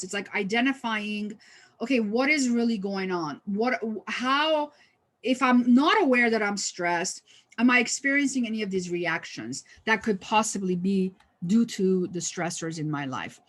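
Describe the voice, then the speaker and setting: A woman's voice: on the high side, expressive, moderate pace, fairly bright tone. Chatty woman leading a stress workshop. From United States. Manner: conversational, many fillers and restarts; lightly humorous. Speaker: workshop trainer. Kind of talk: online training presentation.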